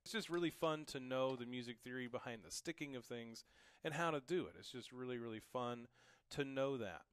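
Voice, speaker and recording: A man teaching drums in a relaxed, reassuring way, calling out strokes and counts as he plays. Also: medium pitch, brisk, clear, resonant tone. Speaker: drum teacher. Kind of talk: casual instructional talk. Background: drum kit playing.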